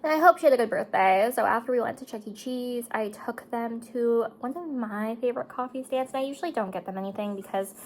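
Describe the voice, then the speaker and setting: A woman's voice: on the high side, quick pace, few pauses, a little hiss or hum, poor audio. A woman in her thirties chatting casually to her viewers while doing her makeup, talkative and emotional, tearing up at times. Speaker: beauty vlogger and mother.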